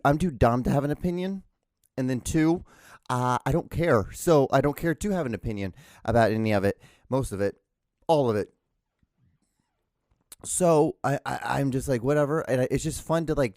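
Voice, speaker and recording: A man's voice: medium pitch, a little mellow, dry recording, clean studio sound. Rambling, profane male podcast host. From outside the United States. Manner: rambling, stammering restarts, profane. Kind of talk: casual solo podcast rant. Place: home. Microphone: podcast microphone.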